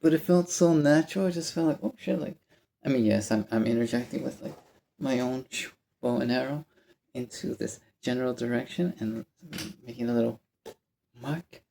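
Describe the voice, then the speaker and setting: Gravelly man rambling through a story. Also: mid-range voice, normal speed, a little hiss or hum. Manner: rambling, animated, self-interrupting. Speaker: vlogger. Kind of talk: casual storytelling vlog.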